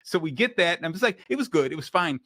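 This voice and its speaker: A man hosting a podcast, chatting casually and telling lively stories in which he acts out clerks and waiters. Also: a little high, fast talker, no room sound. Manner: animated storyteller acting out store clerks. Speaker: podcast host. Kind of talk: casual conversation.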